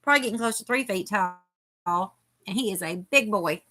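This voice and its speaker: A woman's voice: medium pitch, normal speed, pushed and bright. A woman hosting a casual live chat, reading viewer comments aloud as she crochets. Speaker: host.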